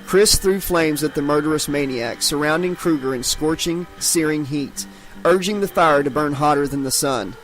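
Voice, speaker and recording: A man narrating an unabridged horror audiobook with dramatic delivery. His voice sits a little on the higher side, and faint music runs beneath the reading. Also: normal speed, fairly bright tone, rough recording. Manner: dramatic, voices each character.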